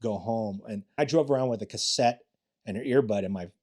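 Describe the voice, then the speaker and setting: A man's voice: fairly low pitch, brisk, darkish tone. An older man, a retired police detective, telling rambling, profane stories in a casual interview, often restarting his sentences.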